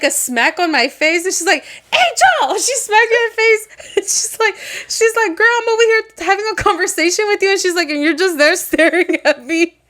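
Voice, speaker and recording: High-voiced young woman telling stories. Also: bright, forceful tone. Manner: storytelling, swears a lot, laughs often. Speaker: podcast co-host. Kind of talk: casual chat.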